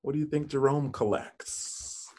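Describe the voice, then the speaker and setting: A man's voice: medium pitch, measured pace. A man reading a children's picture book aloud, stopping to ask questions, point out the pictures and savour single words. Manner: warm, encouraging, asks listeners questions and points at pictures; lingers playfully on single words. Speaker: storybook reader for children.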